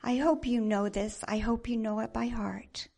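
Woman preacher, high-voiced, dramatic sermon storytelling. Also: fairly even intonation, moderate pace, creaky, dark tone.

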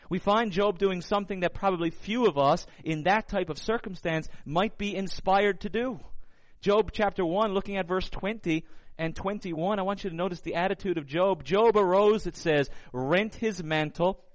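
A middle-aged male pastor delivers a sermon in a fairly high voice, earnest and measured. He slows down and sinks low on the words he wants to land. The sound is dry and close, with no room around it. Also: dry recording.

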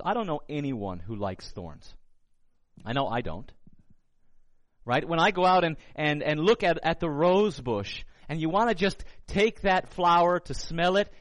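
A middle-aged male pastor delivers a sermon in a fairly high voice, earnest and measured. He slows down and sinks low on the words he wants to land. The sound is dry and close, with no room around it. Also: no room sound.

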